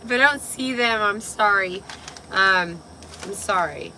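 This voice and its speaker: A young woman with a raspy voice, tipsy and chatting casually on a livestream, loose, giggly and swearing. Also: mid-range voice, a little slow, bright, forceful tone, slight background noise, low-quality recording. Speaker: vlogger.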